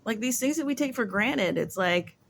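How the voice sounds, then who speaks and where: A woman's voice: fairly high pitch, lively intonation, normal speed, vocal fry, slight background noise. A woman talking to camera in a casual, rambling vlog monologue, musing aloud and filling her sentences with "like.". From United States. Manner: rambling, musing, heavy use of "like". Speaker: vlogger.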